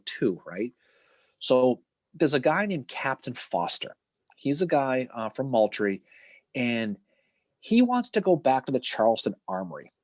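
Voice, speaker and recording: Brief: man, husky voice, very lively pitch, animated casual storyteller, dry close sound. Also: dry recording. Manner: animated storytelling with acted-out quotes and swearing. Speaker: podcast co-host. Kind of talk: casual history podcast chat.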